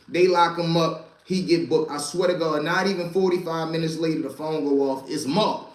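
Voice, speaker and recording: A man's voice: on the high side, a little fast, hardly any pauses, roomy sound, rough recording. A man hosting a casual storytelling show, talking in profane street slang and repeating lines for emphasis. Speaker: host telling street stories.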